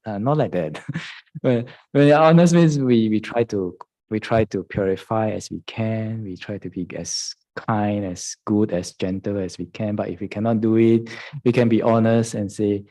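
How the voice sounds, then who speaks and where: A man's voice: lowish voice, moderate pace, a little mellow, poor audio. A man, a Buddhist monk, giving a meditation dharma talk, often chuckling, acting out his students' lines and checking in with "huh?". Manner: chuckles often, acts out students in quoted voices.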